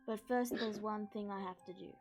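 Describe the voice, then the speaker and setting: A woman's voice: mid-range voice, fairly even intonation, a little fast, soft background music. A woman narrating as game master of a tabletop game over voice chat, playful and prone to restarts. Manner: playful, giggly, hesitant restarts.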